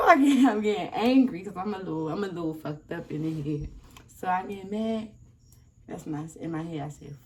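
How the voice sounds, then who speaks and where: A young woman vlogger telling a casual storytime, animated and acting out the people in it. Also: medium pitch, moderate pace. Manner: animated, acts out quoted people. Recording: slightly distant mic, faint noise.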